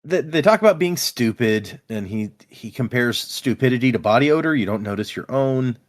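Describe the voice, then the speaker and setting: Young male podcast co-host, animated, casual book chat. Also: mid-range voice, normal speed. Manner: animated, reads quotes aloud between commentary.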